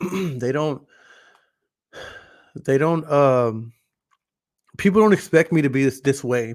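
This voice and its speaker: A man, a podcast host talking loudly and passionately in a casual monologue to a camera in front of a green screen. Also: medium pitch. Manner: loud, passionate talker. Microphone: camera recording.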